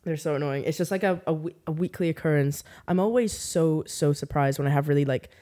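A woman's voice: low-pitched, fairly quick. Chatty young woman telling stories. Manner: chatty, animated storyteller, frequent "like", sarcastic. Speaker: podcast guest. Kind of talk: casual chat.

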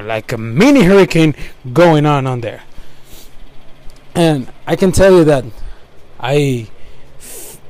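Here a young man whose first language is Spanish talks about his job in a casual, meandering way, often starting over and going off on tangents. His pitch is fairly high and his tone darkish.

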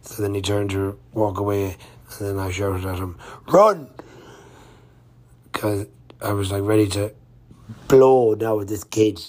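Male cyclist vlogger, low flat delivery, rambling casual diary talk. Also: moderate pace. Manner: rambling and chatty, with many fillers and restarts. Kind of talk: casual travel-diary narration.

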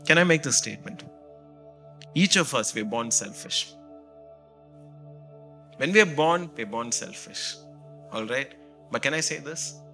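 Middle-aged man, pastor; bright tone; sermon with casual storytelling, faint music underneath. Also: mid-range voice, measured pace, long pauses. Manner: animated storytelling, frequent "you know" fillers.

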